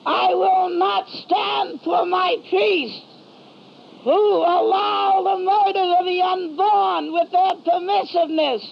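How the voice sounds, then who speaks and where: A woman giving voice to a wrathful divine man, shouting down judgment in a high, strained, slow cry. The sound is dull and lo-fi, like an old tape with a faint hiss. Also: steady tone, vocal fry, full character voice. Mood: furious shouting.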